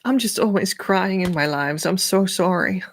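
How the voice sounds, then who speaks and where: A woman's voice: fairly low pitch, normal speed. A woman hosting a spiritual podcast, telling a parable in an earnest, emotional, rambling way, often restarting her sentences. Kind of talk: spiritual storytelling monologue.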